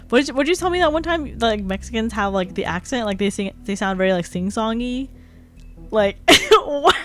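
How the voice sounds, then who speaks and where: A young adult woman chatting casually on a live stream, rambling and filling her talk with "like". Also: fairly high pitch. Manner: chatty, rambling, heavy use of "like". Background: faint background music.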